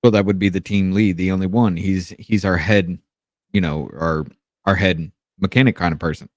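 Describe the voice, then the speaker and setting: Low-voiced man telling a work story. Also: steady tone, normal speed, no room sound, clean studio sound. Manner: storytelling, trailing restarts, swearing. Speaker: podcast co-host. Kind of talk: casual podcast chat.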